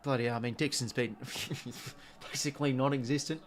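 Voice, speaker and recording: A young Australian man hosting a live watch-along, calling the match casually with excitable bursts and the odd mild swear word. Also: mid-range voice, very fast.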